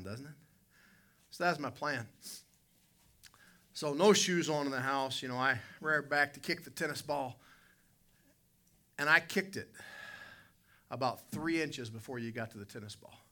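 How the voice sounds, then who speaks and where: Bright-voiced preacher telling a folksy story. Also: male voice. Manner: folksy, vivid storyteller who addresses listeners by name; swings between loud emphatic lines and quiet low asides. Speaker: pastor. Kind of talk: sermon with personal storytelling.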